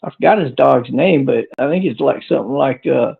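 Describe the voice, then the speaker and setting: A man's voice: mid-range voice, expressive, a little fast. A man hosting a livestream podcast, rambling crudely and chuckling as he answers viewers. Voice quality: gravelly. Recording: tinny phone-like audio.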